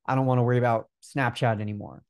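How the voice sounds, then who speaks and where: Young male guest, twenties, mid-pitched, earnest and energetic, dry close mic. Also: fast talker, clean tone, no room sound. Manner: energetic, earnest, many fillers. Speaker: guest, Instagram growth coach. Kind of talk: casual interview talk.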